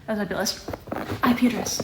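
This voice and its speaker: A woman's voice: mid-range voice, fairly even intonation, fast talker, noisy background. A young woman chatting casually on a live stream, reading out viewer questions and answering them. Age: young adult. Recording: echoey room with faint ambience.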